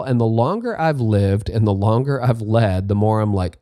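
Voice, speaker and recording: A man's voice: mid-range voice, very animated, normal speed, hardly any pauses, mellow, dry recording, clean studio sound. A middle-aged man from Canada hosting a podcast, answering listener questions in a candid, self-deprecating way and repeating his key points. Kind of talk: casual advice talk.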